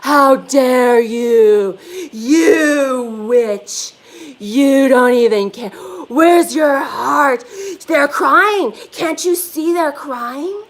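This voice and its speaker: A woman putting on a sanctimonious online accuser who scolds in slow, indignant outbursts. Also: high voice, full character voice.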